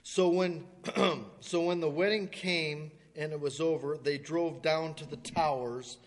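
A man preaching, telling a story in a folksy way, stammering now and then and clearing his throat as he acts out the people in it. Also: on the high side, steady tone, unhurried. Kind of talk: sermon illustration storytelling. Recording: long hall reverb.

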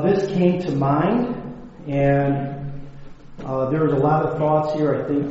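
A man's voice: a little high, warm tone. A man preaching a sermon as a pastor, talking conversationally with filler words and light humor, recorded at a podium microphone in a church hall. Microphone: mounted microphone at a podium. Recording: echoey hall, dull lo-fi sound, faint noise.

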